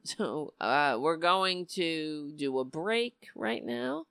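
Woman talk host, lower voice, dry close mic, rambling and heartfelt delivery. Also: very animated, takes it slowly, vocal fry, few pauses, a bit bright, no room sound. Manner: emotional, rambling, trails off and restarts. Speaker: host of a political talk show. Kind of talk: casual livestream commentary.

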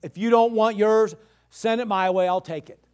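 Male pastor, sermon, very high voice, emphatic, rhetorical questions. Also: moderate pace, clear, resonant tone.

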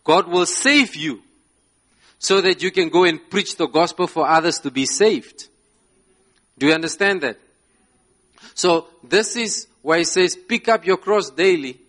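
Guy preaching a sermon real slow, kinda high voice, keeps asking yeah?. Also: fairly bright tone. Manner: emphatic, repeats "Yeah?" to the congregation; laughs between phrases. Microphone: slides shown, speaking to a live congregation.

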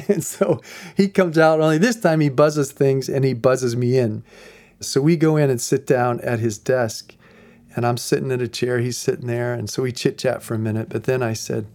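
Animated storytelling pastor, a man. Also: mid-range voice, moderate pace. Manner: animated storyteller who acts out voices and laughs often. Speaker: pastor of a ministry. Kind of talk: storytelling ministry message.

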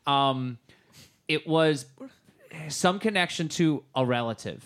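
A man's voice: a little high, slow pace. A man co-hosting a casual movie review podcast, loose and joking, laughing often. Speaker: podcast co-host.

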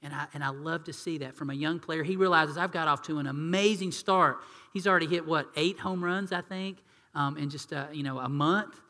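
A man preaching a sermon, animated and acting out quoted voices in hushed tones. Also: fairly high pitch, brisk, big-room sound. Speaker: pastor.

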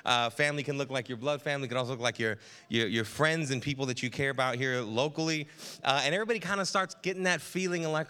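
A man's voice: medium pitch, fast, pushed and bright, smooth. A man serving as lead pastor, giving a casual, chatty sermon to his congregation in a church, full of fillers and self-corrections. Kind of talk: conversational sermon.

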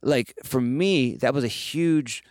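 A man telling a story as a podcast guest, animated and profane, mimicking the voices of the people he quotes. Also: medium pitch, slow pace, dry recording, clean studio sound. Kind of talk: casual storytelling.

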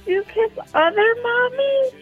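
A woman's voice: extremely high pitch, slow pace, faint music behind. A woman voicing a whiny little girl who nags and scolds Santa. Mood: scolding. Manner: nagging, childish. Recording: slightly muffled lo-fi audio.

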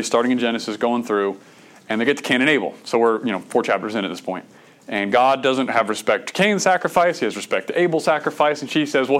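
A middle-aged man, preaching a sermon in a conversational way, with stammered restarts and bursts of emphasis. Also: fairly high pitch. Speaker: pastor.

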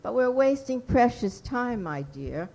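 A woman's voice: a little high, big pitch swings, a little slow, a little mellow, voice pushed up, exaggerated voice. A woman voicing a pompous, impatient little male baron in a read-aloud story, with a grandiose, condescending manner.

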